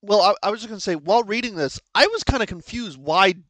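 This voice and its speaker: A man co-hosting a podcast, excitedly recapping comics in a rambling casual chat with many restarts. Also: high voice, quick pace, dry recording, poor audio. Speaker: podcast co-host.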